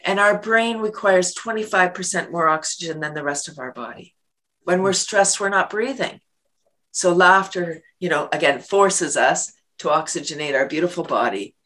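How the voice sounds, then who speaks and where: Laughing, lively woman on an interview. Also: fairly low pitch, moderate pace. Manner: laughs often, acts out little quoted scenes. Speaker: guest, laughter yoga leader and worm business owner. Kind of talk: enthusiastic interview talk.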